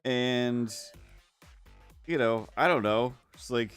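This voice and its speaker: A man's voice: mid-range voice, takes it slowly, a bit bright, smooth, faint music behind. A man chatting casually while he draws on a livestream. He rambles with lots of restarts and keeps slipping into silly voices. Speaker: art streamer. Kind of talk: casual chat while drawing.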